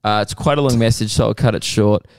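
A man co-hosting a podcast, reading listener messages aloud in a relaxed way with sighs and laughs. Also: on the low side, quick pace, smooth, no room sound, clean studio sound. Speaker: podcast co-host.

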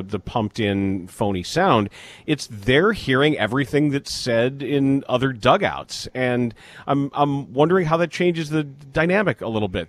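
Guy hosting a baseball chat, mid voice, walks through numbers calmly. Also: mid-range voice. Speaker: sports show host. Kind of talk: casual sports talk.

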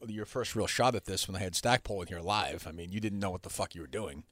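A man's voice: low-pitched, fast talker, a bit bright, no echo. A man hosting a radio show from the studio, talking bluntly with a producer, teasing him and swearing freely. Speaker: radio host. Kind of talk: casual studio banter.

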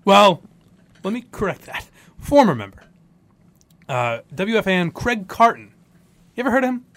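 This podcast host tells stories in casual chat, animatedly mimicking the people in them with mock voices. His voice sits high, he speaks at a moderate pace, and there's no echo.

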